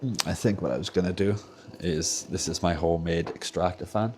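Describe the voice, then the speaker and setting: Fairly quick and low-voiced, a young Welsh streamer with a Welsh accent chats over a noisy background. He rambles casually on his livestream while tinkering with game controllers at the soldering bench in his home workshop.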